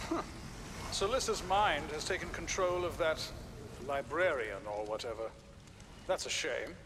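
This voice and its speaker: A man's voice: a little high, unhurried, close to an everyday voice. A man voicing a smug, sarcastic narrator who mocks the player. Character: sarcastic male game narrator, arrogant. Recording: game audio under loud noise.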